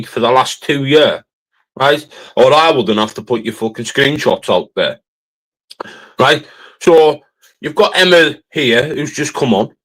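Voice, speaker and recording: A man's voice: medium pitch, fairly bright tone, rough recording. Confrontational Cumbrian man ranting. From northern England. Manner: confrontational, repeats "right?" constantly. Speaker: livestream host. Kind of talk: heated livestream rant.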